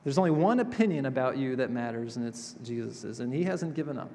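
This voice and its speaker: A male pastor delivering a sermon in a chapel, expressive, moving between emphatic passages and hushed, gentle ones. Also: mid-range voice, fairly quick, a little hiss or hum. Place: chapel sanctuary. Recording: reverberant chapel hall.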